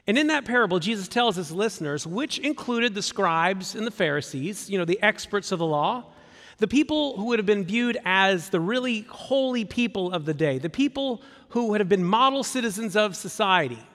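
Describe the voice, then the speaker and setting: Pastor, male, conversational sermon delivery; bright, very expressive pitch, long church reverb. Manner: conversational, animated, acts out quoted voices.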